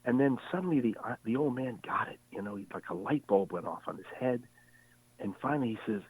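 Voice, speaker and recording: A man in his sixties, a veteran sports broadcaster, telling animated stories as a guest in an interview. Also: mid-range voice, fast, husky, no echo. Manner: animated storyteller with many voices. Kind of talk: storytelling interview. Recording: tinny phone line.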